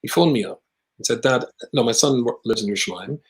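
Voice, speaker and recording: A man with a British accent, a rabbi telling a long personal story in conversation, with lively asides. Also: mid-range voice, fast, rough recording. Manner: animated anecdotal storyteller with asides.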